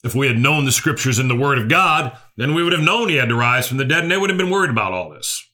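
Bright-voiced preacher man. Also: mid-range voice, expressive, quick pace. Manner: earnest, repeats key phrases, asks the listeners questions. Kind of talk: sermon.

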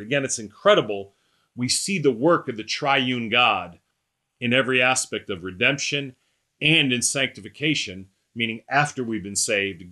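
Man, sermon, emphatic, rhetorical repetition, bright tense voice. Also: mid-range voice. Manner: emphatic, rising and slowing on quoted scripture. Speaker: preacher.

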